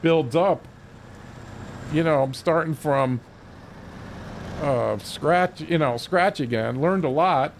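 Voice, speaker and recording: A man's voice: a little high, slow, pauses often, a little hiss or hum. A man streaming a game, telling a rambling story with frequent swearing and restarts, at his desk mic. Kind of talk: casual stream chat.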